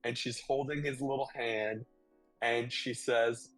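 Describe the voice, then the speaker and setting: A man narrates as game master at an unhurried pace, halting as he thinks aloud. His voice is dry and close, with faint music behind it. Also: mid-range voice, steady tone, a bit bright, no room sound.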